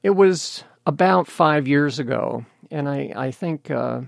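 An older American man, a guest in an interview, telling his story candidly and in a measured way. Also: on the high side, gravelly, no room sound, clean studio sound. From United States. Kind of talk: interview conversation.

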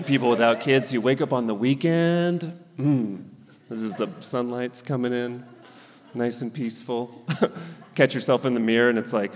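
A man's voice: mid-range voice, normal speed, long reverb tail, a little hiss or hum. A man in his thirties from Southern California doing a stand-up set, laughing through his lines and acting out the people he quotes. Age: 30s. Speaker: stand-up comedian and guest. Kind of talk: stand-up set, then casual interview.

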